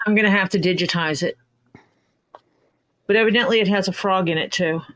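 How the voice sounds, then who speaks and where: A woman's voice: medium pitch, fairly quick, a bit bright, a little hiss or hum. A woman hosting a leatherworking livestream, chatting casually and rambling through stories with quoted back-and-forth. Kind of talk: casual chat.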